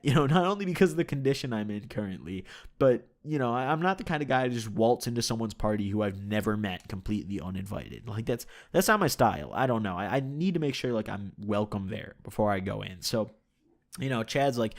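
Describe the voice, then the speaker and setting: Young man, low-ish voice, casual storytelling, laid-back, frequent fillers, swears freely. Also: lively intonation, fairly quick. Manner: laid-back, swears a lot, laughs often, many fillers like "like" and "you know". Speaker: storyteller recounting his own experience.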